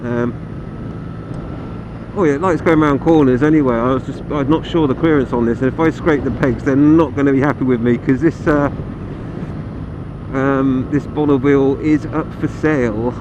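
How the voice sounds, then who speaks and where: A man's voice: medium pitch, steady tone, moderate pace, highs cut off. A man chatting casually and self-deprecatingly as he reviews a motorcycle while riding it outdoors, with plenty of ums and uhs. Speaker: motorcycle vlogger reviewing a bike. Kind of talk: casual ride-along review. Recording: loud wind and engine noise.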